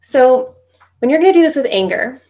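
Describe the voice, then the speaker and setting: A woman's voice: high voice, expressive, brisk, warm tone. A young adult woman working as a divorce coach, talking straight to her listeners in an easygoing way and checking in with "right?" as she goes. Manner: conversational, tags points with "right?". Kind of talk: direct-to-camera coaching talk.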